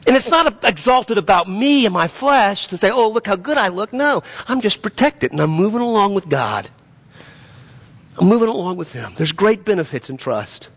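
A pastor preaching a sermon, swinging between loud emphatic peaks and quieter asides. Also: male voice, high voice, sing-song, moderate pace, slightly rough.

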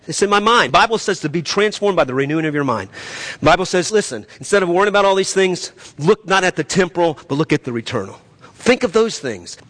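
High-voiced man preaching animatedly. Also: fast. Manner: animated preaching with swings between loud emphasis and quiet asides. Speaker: pastor. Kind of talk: sermon.

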